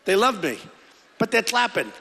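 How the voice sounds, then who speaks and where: A man's voice: sits high, sing-song, moderate pace, bright, forceful tone, breathy edge. A middle-aged man giving a rambling, repetitive campaign rally speech, full of conversational asides, into a podium microphone. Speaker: political candidate. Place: large indoor rally hall. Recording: echoey hall with long reverb.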